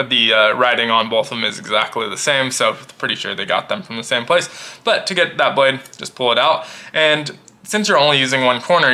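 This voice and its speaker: A man casually demonstrating and reviewing gear, explaining in a relaxed way and thinking aloud with small restarts. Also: medium pitch.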